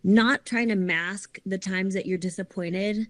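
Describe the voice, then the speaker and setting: A woman's voice: medium pitch, fairly even intonation, a little slow, no room sound. A middle-aged woman, a fitness competitor and coach, talking earnestly in a casual podcast chat, often asking "right?".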